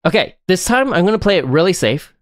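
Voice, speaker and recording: Excitable man streaming a game. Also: sits high, fast, no echo, studio quality. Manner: excitable, chatty, laughs often. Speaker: live streamer. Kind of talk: live gameplay commentary.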